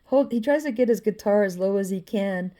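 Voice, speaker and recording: A woman with a warm, mellow voice rambles casually about her own drawings. She swears freely and fills the gaps with "you know.". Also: medium pitch, a little fast. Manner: loose and profane, with frequent "you know" and laughs. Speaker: vlogger showing her drawings.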